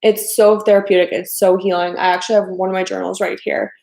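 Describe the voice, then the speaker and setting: A woman's voice: medium pitch, level tone, quick pace, creaky, dark tone, reverberant. A woman coaching her viewers in a casual livestream. She talks chattily, full of "like" and "you know", and acts out the voices she quotes. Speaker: life coach hosting a livestream.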